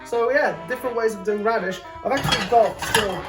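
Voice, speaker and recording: A man hosting a casual cooking vlog from his home kitchen, joking around and exclaiming loudly as he tastes. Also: high voice, fairly quick. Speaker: host, comedian cooking at home. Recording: roomy kitchen sound. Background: faint background music.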